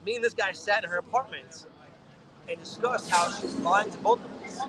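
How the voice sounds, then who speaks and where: A man's voice: high voice, normal speed, background noise. A man co-hosting a podcast, telling a long story in a casual, profane way and acting out what people said. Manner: animated, profane storytelling with acted-out quotes. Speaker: podcast co-host.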